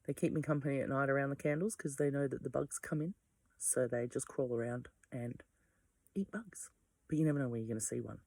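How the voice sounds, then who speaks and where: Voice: medium pitch, steady tone, fast, gravelly, mellow, no echo. A vlogger with an Australian accent, talking casually at home in a digressive way and swearing easily. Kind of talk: casual rambling monologue. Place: home without power, by candlelight.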